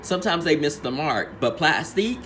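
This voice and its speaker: A man with a bright, forceful voice pitched a little high, hosting a casual recap. He talks with sassy, profane drag slang and keeps slipping into changed voices for quotes. A faint hiss sits under him. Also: big pitch swings, moderate pace. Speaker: reality show recap host.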